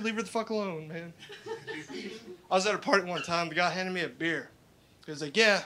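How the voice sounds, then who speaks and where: A young man doing a profane stand-up set, telling stories in a deadpan way. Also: sits high, brisk, long pauses. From Roswell. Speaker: stand-up comedian. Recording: live club recording with background noise.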